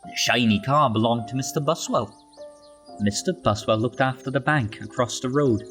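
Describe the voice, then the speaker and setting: A man narrating a children's storybook aloud, expressive, slow and gentle. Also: mid-range voice, faint music behind.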